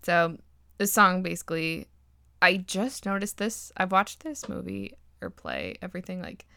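Gravelly, giggly woman rambling a movie recap. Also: lowish voice, expressive, normal speed, sharp tone, dry recording, studio quality. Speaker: podcast host recapping a movie. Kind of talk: casual chatty recap.

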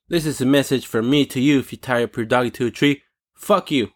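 A man hosting a talk show alone, ranting in a casual, animated and indignant way, swearing freely. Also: medium pitch, a little fast. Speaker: podcast host. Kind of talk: casual solo rant.

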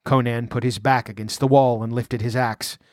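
Man narrating an action book, measured and vivid, no room echo at all. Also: mid-range voice, level tone, darkish tone, clean studio sound. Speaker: audiobook narrator. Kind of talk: dramatic audiobook narration.

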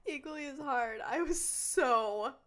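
A woman's voice: high-pitched, measured pace. A woman co-hosting a casual chat who laughs often and reacts to her partner's story. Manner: reactive, laughs a lot and chimes in. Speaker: podcast co-host.

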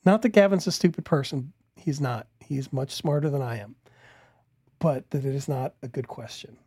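A man's voice: mid-range voice, moderate pace, dark tone, slightly rough, no echo, studio quality. A man commenting casually on a video he is watching, interrupting it with incredulous, laughing rebuttals.

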